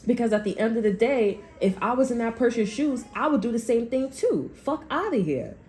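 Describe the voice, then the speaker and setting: A woman's voice: on the high side, fairly quick, warm tone, slight background noise. A woman giving a casual tarot reading, rambling with lots of "like" and speaking bluntly, with frequent swearing. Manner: blunt and heated. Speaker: tarot reader.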